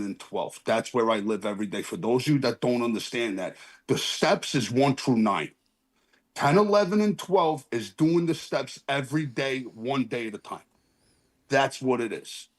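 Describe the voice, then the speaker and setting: At a recovery meeting joined by phone video call, a man offers an earnest, rambling share, casual and heartfelt, saying sorry for his swearing. His medium-pitched voice is animated, at a moderate pace.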